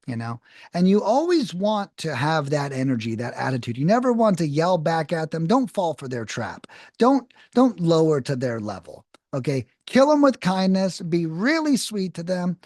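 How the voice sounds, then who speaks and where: A man in his thirties gives a cold calling lesson in a direct, coaching manner, often pausing to ask "okay?". His voice sits a little high for a man and moves around a lot in pitch. The sound is close and dry, with no room echo. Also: sing-song, darkish tone. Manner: direct, coaching, frequent "okay?" check-ins. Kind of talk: casual instructional talk.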